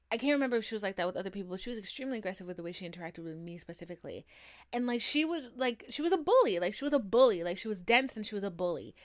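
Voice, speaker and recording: Chatty young woman with a Southern twang. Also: mid-range voice. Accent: American Southern. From United States. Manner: chatty, frequent "like" fillers, swears freely. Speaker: podcast host. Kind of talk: casual storytelling monologue.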